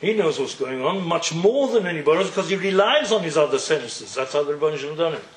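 A man's voice: on the high side, animated, fast, reverberant, a little hiss or hum, poor audio. A man teaching a Torah class, telling the story with animation, acting out the characters and throwing out rhetorical questions. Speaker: religious teacher.

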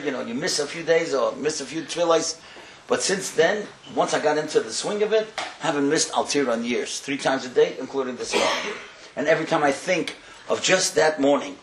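A man giving a sermon as a storyteller, impassioned and building to loud emphatic bursts, sprinkling Hebrew and Yiddish words into his English. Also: medium pitch. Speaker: rabbi speaker. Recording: echoey room with faint ambient noise.

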